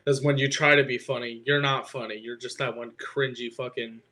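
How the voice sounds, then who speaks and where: A teenage boy talks in a loose, rambling way, his sentences full of "like" and casual swearing. His voice sits at an everyday middle pitch for a young man, as he chats unscripted with a friend on a podcast. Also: fairly even intonation, moderate pace, bright, forceful tone. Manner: rambling, filler-heavy, swears often. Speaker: podcast co-host. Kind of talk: casual chat.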